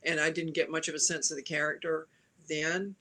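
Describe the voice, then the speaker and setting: A woman's voice: deep voice, flat delivery, a little fast, bright, forceful tone. A woman from the American South, a panelist giving opinionated film criticism with wry asides in a casual chat.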